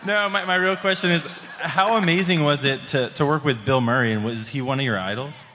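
A man's voice: on the high side, fairly quick, sharp tone, a little hiss or hum. A man in the audience asking a question at a live show, nervous and hesitant, laughing between phrases.

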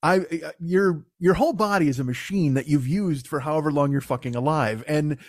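A man hosting a comedy podcast, riffing in a rambling, profanity-heavy, animated way. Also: fairly high pitch, brisk, no echo, studio quality. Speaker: podcast host.

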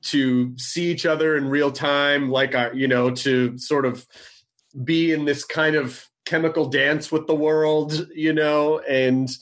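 Brief: man with a slightly high voice, chatting loosely, full of restarts. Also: fairly even intonation, slow. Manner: rambling, hesitant, many restarts. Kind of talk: casual conversation.

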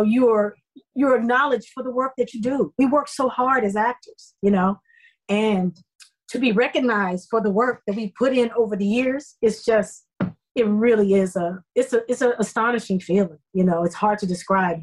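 A middle-aged actress speaking as an interview guest, telling her story in an effusive, emotional way with lively quoted asides. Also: mid-range voice, normal speed, low-quality recording. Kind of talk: conversational interview.

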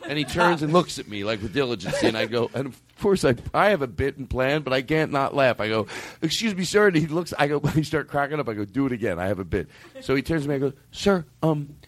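A man's voice: mid-range voice, animated, fast talker. A man hosting a comedy podcast, telling rambling stories and laughing through them. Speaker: podcast host. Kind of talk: casual comedy podcast chat.

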